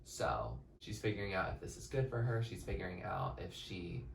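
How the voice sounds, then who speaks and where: A young man giving casual, excitable reaction commentary as a music reaction host, now and then singing snippets along. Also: low-pitched, moderate pace, vocal fry, a little hiss or hum. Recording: roomy, a bit distant from the mic, faint music.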